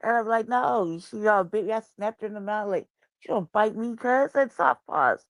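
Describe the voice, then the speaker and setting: Profane, animated woman chatting casually. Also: medium pitch, normal speed, dry recording. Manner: animated, swearing freely, cooing baby talk at her cat.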